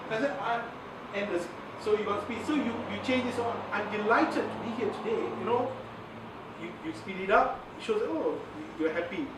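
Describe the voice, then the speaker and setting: High-voiced man teaching in an echoey hall. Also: normal speed, noisy background. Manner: animated, laughs often, acts out examples. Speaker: communications trainer. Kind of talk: lively workshop talk. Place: large room with audience. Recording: very echoey room, voice from far off.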